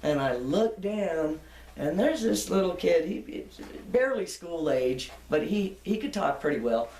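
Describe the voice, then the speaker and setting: A woman's voice: lowish voice, expressive, measured pace, dark tone, distant mic, slight background noise. An older woman being interviewed, telling long anecdotes in a chatty, laughing way. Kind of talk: reminiscing storytelling. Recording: echoey room, off-mic.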